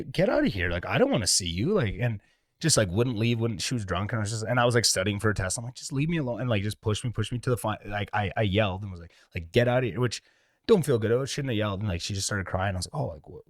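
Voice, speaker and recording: A man's voice: on the low side, no echo, clean studio sound. A young man from Canada, a comedian, telling candid, profane stories in a casual podcast conversation. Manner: candid, profane, rapid storytelling.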